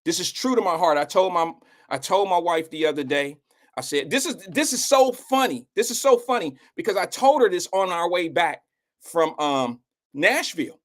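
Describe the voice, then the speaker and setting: A man's voice: sits high, expressive, normal speed. A middle-aged man hosting a live show, telling a rambling, slangy and emotional story in casual talk.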